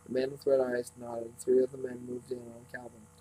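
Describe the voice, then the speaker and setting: A man reading a novel aloud at a steady pace, with small slips and restarts. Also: mid-range voice, brisk, low-quality recording. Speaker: reader.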